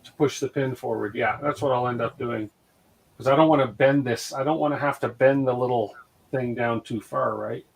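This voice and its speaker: A man's voice: mid-range voice, fairly even intonation, moderate pace, creaky, breathy edge, poor audio. A man chatting casually on a maker hangout, thinking aloud while he works on a 3D printer.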